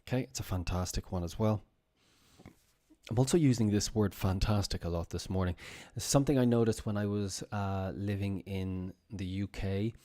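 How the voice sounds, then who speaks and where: A man's voice: on the low side, dark tone. Chatty male English teacher on a live stream. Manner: chatty, repeats example phrases slowly.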